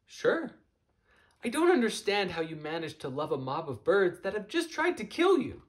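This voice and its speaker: A man reading aloud and voicing an eager young male seagull who blurts out excited questions. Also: moderate pace. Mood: earnest. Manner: high, excited outbursts and questions.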